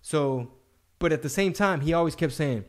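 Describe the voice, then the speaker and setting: A man's voice: on the high side, moderate pace. Chatty man podcast host. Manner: relaxed, chatty, tells his own stories. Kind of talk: casual podcast chat.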